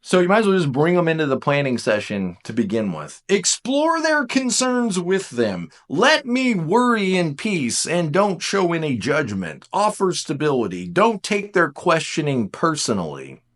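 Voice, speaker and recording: Animated guy teaching casually, bit high voice, jokey, swoops all over. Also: normal speed, few pauses. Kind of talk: casual lecture.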